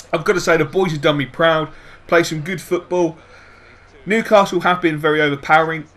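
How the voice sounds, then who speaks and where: A man commentating his own football video game, muttering over plans and then yelling and swearing at the match. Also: on the high side. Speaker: gaming YouTuber. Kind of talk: let's-play commentary.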